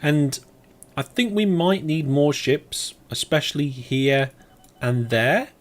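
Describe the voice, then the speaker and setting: A man's voice: on the high side, slow pace. A man streaming a game live, thinking aloud as he plays and chatting back to his viewers. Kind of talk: live let's play commentary.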